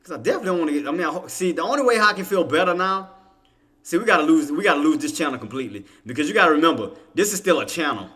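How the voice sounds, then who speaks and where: Animated, laughing man doing live trading commentary. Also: very fast. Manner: animated, laughing, teasing, slangy; drops to low muttering while placing orders. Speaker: day-trading streamer.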